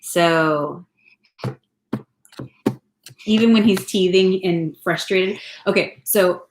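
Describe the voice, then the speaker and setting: On a home live stream, a thirty-something California vlogger chats casually indoors, rambling along and laughing a lot. Her voice is fairly low and slow, and the echoey room carries some background noise.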